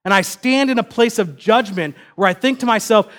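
Young male preacher, high-pitched, easygoing storyteller with self-deprecating humor. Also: normal speed, hardly any pauses. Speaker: pastor. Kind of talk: sermon with personal story.

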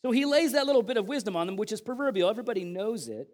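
A man giving an animated, conversational sermon, reading Bible passages with dramatic emphasis. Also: high-pitched, rapid-fire. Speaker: preacher.

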